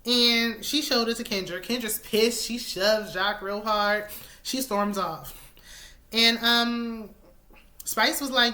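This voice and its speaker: A woman, casually recapping a reality show with sassy, animated asides. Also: medium pitch, takes it slowly. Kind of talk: casual chat.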